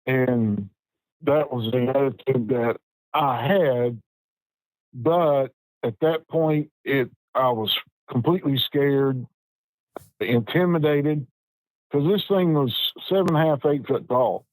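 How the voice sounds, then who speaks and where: A plainspoken man, speaking at a middle pitch in a folksy, unhurried telling. His sentences come in short, halting pieces. The sound is dry and close. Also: darkish tone, no room sound, rough recording. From West Virginia. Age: 50s. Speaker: Bigfoot researcher guest. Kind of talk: personal storytelling.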